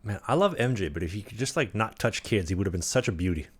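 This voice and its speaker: Low-voiced joking podcast co-host, a man. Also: expressive, fast talker, slightly rough. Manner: blunt, joking, many "uh" fillers. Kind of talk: casual podcast banter.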